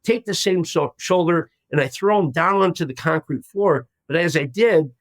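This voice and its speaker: Animated older man telling a story. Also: fairly high pitch, normal speed, no room sound. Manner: animated storyteller acting out quoted voices. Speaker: guest, former hostage. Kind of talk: storytelling in a podcast interview.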